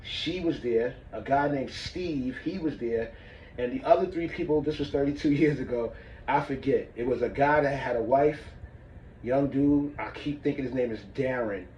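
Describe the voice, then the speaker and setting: A man's voice: medium pitch, moderate pace, darkish tone, echoey room, a little hiss or hum. Man, martial arts instructor, casual demo talk, muffled and far from the mic. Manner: casual, demonstrates as he talks, checks in with "all right?". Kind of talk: demonstrating breathing technique.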